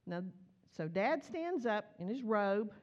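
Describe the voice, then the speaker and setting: A woman's voice: mid-range voice, slow pace, lo-fi sound. A woman preaching a sermon, telling a story and acting out the voices in it. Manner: animated, acts out voices in her stories.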